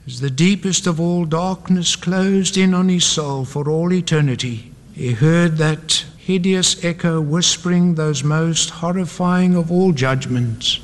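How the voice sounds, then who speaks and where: A man's voice: on the high side, measured pace. A man preaching a sermon, telling a vivid story with dramatic cries and then calling listeners to prayer. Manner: dramatic storytelling, voices rising to cries in quoted pleas. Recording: long hall reverb with faint music.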